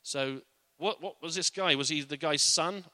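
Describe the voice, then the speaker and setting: A man's voice: on the high side, normal speed, sharp tone, no room sound. A man giving an informal, earnest Bible teaching in a conversational way.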